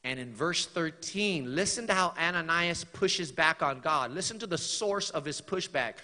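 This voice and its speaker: A man's voice: fairly high pitch, lively intonation, normal speed, pushed and bright, in a large hall. A man preaching a sermon in a church, building to emphatic, repeated lines. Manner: preaching with swelling emphasis and repetition. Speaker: pastor. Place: church sanctuary.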